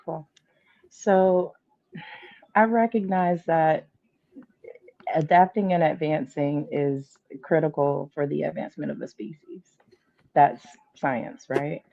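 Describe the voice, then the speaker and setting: Gravelly woman on dull lo-fi audio. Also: sits low, steady tone, dark tone. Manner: measured and thoughtful, with dry humor. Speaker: panel guest. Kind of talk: casual panel chat.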